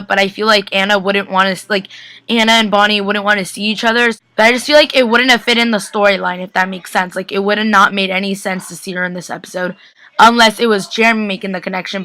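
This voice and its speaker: A woman's voice: medium pitch, fairly even intonation, fast talker, pushed and bright, no echo. Chatty young woman on a webcam. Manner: gushing, chatty, lots of "like" and "guys". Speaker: TV recap vlogger. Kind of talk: casual chat.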